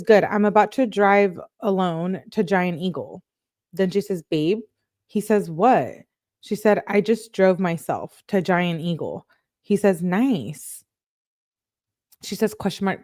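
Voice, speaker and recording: Female true crime vlogger, lower voice, reads texts fast with sarcastic asides; dry, close sound. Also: darkish tone, dry recording. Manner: quick, sarcastic asides between read-out texts. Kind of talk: reading text messages aloud with commentary.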